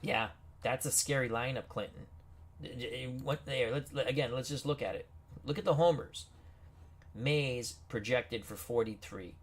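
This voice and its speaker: A man's voice: medium pitch, unhurried. A man hosting a gaming video, reading player names off team rosters with casual asides and reactions. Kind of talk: casual game commentary.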